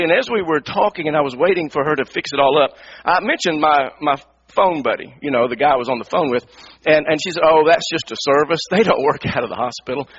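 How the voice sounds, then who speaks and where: Middle-aged male pastor, high bright husky voice, animated sermon storytelling, lo-fi radio sound. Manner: animated, repeats words, acts out his own anger. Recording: dull lo-fi radio broadcast.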